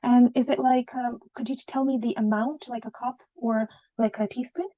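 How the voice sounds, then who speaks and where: A woman's voice: a little high, fairly even intonation, moderate pace, mellow. A woman acting as a junior doctor in a mock consultation, polite and reassuring, with many fillers. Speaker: student doing a mock consultation. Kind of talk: role-play clinical consultation.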